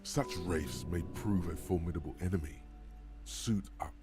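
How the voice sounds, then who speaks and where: An actor voicing a grave narrator in a video game, reading slowly and solemnly. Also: male voice, low-pitched, music in the background, close to an everyday voice. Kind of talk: scripted narration.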